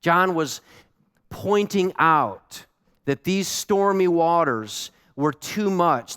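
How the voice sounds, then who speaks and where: A male pastor preaching a sermon, earnest and animated, repeating words for emphasis. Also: on the high side, clean tone, big-room sound. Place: church sanctuary.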